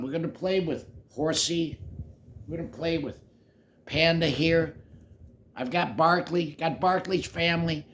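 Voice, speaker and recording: An older man telling a children's story, animated and playful, dropping into whispery asides. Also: fairly high pitch.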